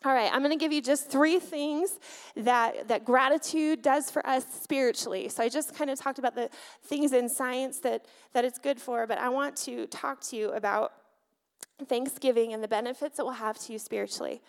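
A woman delivers an animated sermon from the front of a church, her voice sitting somewhat high. She keeps turning to the congregation with questions. The sound carries the long reverb of a church hall. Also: moderate pace. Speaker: pastor. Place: church sanctuary.

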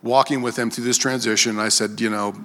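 A man's voice: little pitch movement, a little fast, big-room sound. A man giving a conversational sermon, telling stories and acting out the voices in them. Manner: storytelling, acts out quoted voices with sharp rises in pitch. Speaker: preacher and worship leader.

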